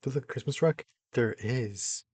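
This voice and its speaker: A young man giving casual commentary as he builds in a video game, excitable, muttering to himself and then bursting into loud exclamations. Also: mid-range voice, measured pace, husky, no echo. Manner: excitable, talks to himself while building, jumps between mumbling and loud exclamations. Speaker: gaming YouTuber.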